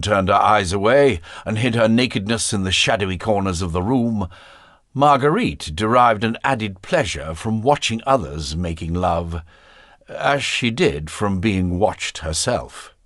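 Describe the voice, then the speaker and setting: A man narrating a historical novel as an audiobook, expressive and measured. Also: on the low side, no echo, studio quality. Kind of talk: scripted narration.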